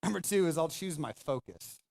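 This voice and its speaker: A man's voice: fairly high pitch, lively intonation, moderate pace, vocal fry, a little mellow. A man pastor preaching a sermon, speaking emphatically and conversationally, addressing the congregation directly.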